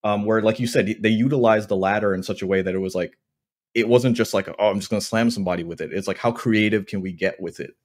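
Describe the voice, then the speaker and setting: A man's voice: on the low side, steady tone. A man co-hosting a wrestling podcast, joking and rambling in casual chat. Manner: joking, rambling, fast bursts. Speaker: podcast co-host.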